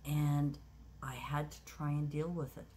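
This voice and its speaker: A woman in her sixties telling a personal story in a reflective, unhurried way, with many pauses and restarts. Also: low voice, flat delivery, darkish tone, slight background noise. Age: 60s. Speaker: craft vlogger.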